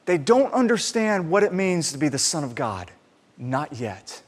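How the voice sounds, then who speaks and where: A man preaching a sermon in an animated way, acting out the people he quotes. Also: on the high side, unhurried. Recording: reverberant hall sound.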